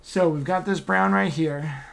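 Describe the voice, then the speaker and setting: A man's voice: a little high, a little slow, gravelly. A man teaching a miniature painting class over a video call, talking casually and joking as he works. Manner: casual, joking, chatty while working. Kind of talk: live online painting class. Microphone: computer mic on video call.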